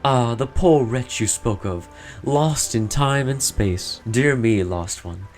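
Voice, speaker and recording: A man's voice: mid-range voice, slow, soft background music, lightly acted. A man voicing a stern elderly woman who keeps old legends, reading game dialogue aloud in a solemn, formal, cryptic manner.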